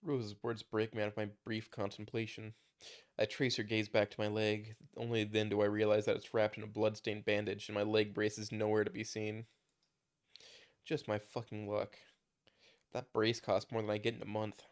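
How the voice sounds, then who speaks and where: Man reading a fan story aloud, low voice, casual, small stumbles. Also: monotone, normal speed. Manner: reads with small stumbles and restarts. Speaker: story narrator.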